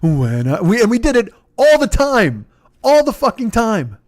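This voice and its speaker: A man's voice: extremely high pitch, huge pitch swings, unhurried, no room sound, studio quality. A man, hosting a comedy podcast with a profane, rambling, self-mocking storytelling monologue full of restarts. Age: 50s.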